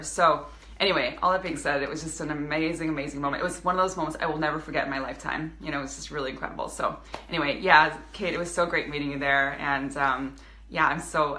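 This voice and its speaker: A woman's voice: deep voice, steady tone, quick pace, sharp tone, echoey room. A woman in her thirties, a business coach speaking earnestly to her viewers in a live video, with many restarts. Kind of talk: casual motivational live video.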